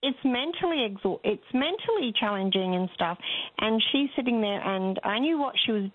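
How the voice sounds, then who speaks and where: A woman's voice: fairly high pitch, animated, normal speed, no room sound. An older woman calling in to a radio show, telling a rambling, chatty story. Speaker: caller. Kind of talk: phone-in chat. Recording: tinny phone line, dry.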